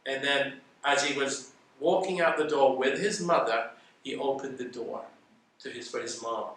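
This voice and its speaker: An interview guest tells stories casually and animatedly, acting out the dialogue as he goes. His voice is mid-range at a moderate pace, recorded by a distant mic in an echoey room with faint noise.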